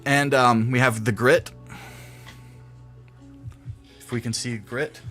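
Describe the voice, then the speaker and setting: A man's voice: medium pitch, steady tone, moderate pace, a bit bright, soft background music. A young adult man chatting casually on a game stream, rambling through stories and laughing often. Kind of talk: casual gameplay stream chat.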